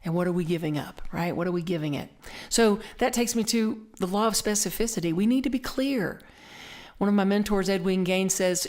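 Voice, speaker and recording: A middle-aged woman with a Southern accent gives a conversational sermon, reflective, slowing down and repeating key phrases for emphasis. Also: mid-range voice, darkish tone. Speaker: minister.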